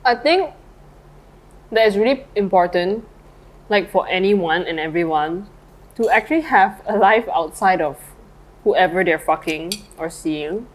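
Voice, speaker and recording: A woman with a lowish, animated voice co-hosts a podcast, talking a little slowly with long pauses on a rough recording. She rambles in casual chat full of fillers while eating lunch and slightly tipsy.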